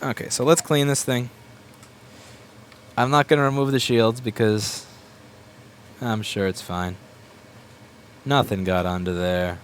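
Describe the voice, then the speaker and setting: A man's voice: mid-range voice, fairly even intonation, a little hiss or hum. A repair shop owner ranting bluntly and with plenty of swearing as he works at his bench. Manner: blunt and sweary, with quick mocking asides. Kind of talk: profane ranting while working.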